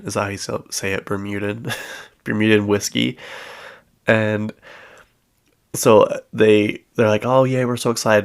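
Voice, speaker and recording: Gossipy podcast guy, kinda low and gravelly, lots of "like" and "um", acts out what people said. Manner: chatty, acts out quoted lines, frequent fillers. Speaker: podcast host. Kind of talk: casual gossip recap.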